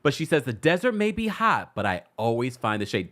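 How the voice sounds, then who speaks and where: A man's voice: mid-range voice, big pitch swings, fairly quick, few pauses, noisy background. A man hosting a celebrity gossip show, chatting casually with his live audience in a playful, teasing way, laughing often. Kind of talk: casual commentary to a live chat.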